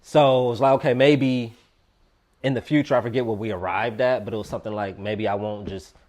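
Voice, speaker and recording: A man co-hosting a casual podcast, reacting to a story with laughter and quick interjections. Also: medium pitch, steady tone, darkish tone. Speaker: podcast co-host.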